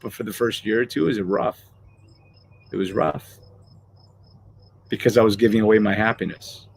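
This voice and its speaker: A man's voice: on the low side, a little hiss or hum. A middle-aged man hosting a motivational live show, talking casually and animatedly, swearing freely and acting out everyday scenes.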